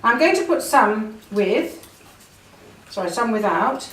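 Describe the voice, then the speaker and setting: A woman's voice: fairly high pitch, expressive, slow pace, slight background noise. A woman hosting a cooking show, chatting enthusiastically as she talks through each step in her home kitchen. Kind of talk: casual cooking demonstration. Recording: roomy kitchen, mic at a distance.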